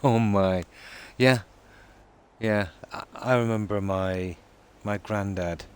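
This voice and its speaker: An Irish man chatting casually on a live stream, reading out and answering viewer comments in a relaxed, talkative way. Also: fairly low pitch, slow, clear, resonant tone. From Ireland.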